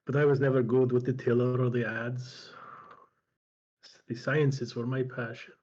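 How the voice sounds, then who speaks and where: A man's voice: mid-range voice, little pitch movement, darkish tone, lightly acted. Ancient solitary healer, tired and sighing, put on by a male game master; muffled sound. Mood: weary. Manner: slow, sighing, measured.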